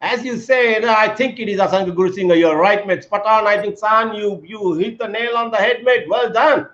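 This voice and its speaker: In a high-pitched, fairly bright voice, a man hosts a casual live-stream chat a little fast. He's chatty, leans on many fillers, and calls his guest "mate," all captured in echoey, dull lo-fi audio.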